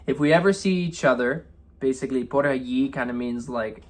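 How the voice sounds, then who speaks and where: Casual teacher explaining song lyrics. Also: male voice, mid-range voice, a little fast. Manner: relaxed, repeats "right?" and "okay?" often. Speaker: Spanish teacher.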